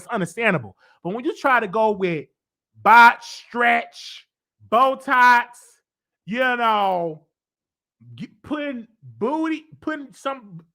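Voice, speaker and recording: A man hosting a celebrity gossip show, giving opinionated commentary in an animated way with sudden high swoops for emphasis, his voice a little congested. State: congested, stuffy voice.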